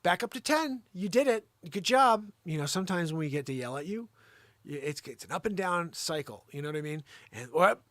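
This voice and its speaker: A man hosts an improvised live comedy show, teasing his co-host in mock exasperation and swinging between loud outbursts and low mutters. He's expressive and talks a little fast, with no room sound.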